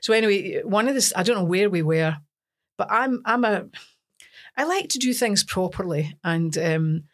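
A Scottish woman from Scotland, a singer as an interview guest, telling lively stories with laughs in casual chat. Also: mid-range voice, moderate pace. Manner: lively storytelling with laughs and acted-out quotes.

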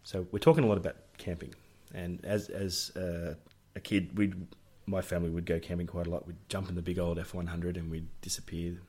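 Husky deep-voiced Australian man. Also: little pitch movement, brisk, dark tone. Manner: jokey, laughs often, acts out family members' voices. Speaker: podcast co-host. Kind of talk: casual storytelling chat.

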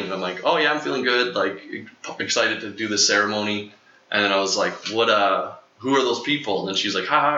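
A young man with a low, very bright and forceful voice tells a long personal story in loose, rambling chat. He leans on fillers and slips into little acted-out quotes as he goes. The recording sounds dull and lo-fi, in a roomy, echoing space. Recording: echoey lo-fi room.

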